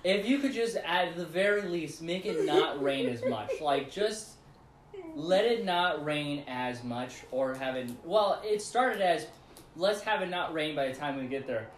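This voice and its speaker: A man's voice: on the high side, a little slow, a little hiss or hum. A man casually telling a long, rambling story to friends, laughing often as he goes. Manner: rambling, animated retelling with laughs. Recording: echoey room.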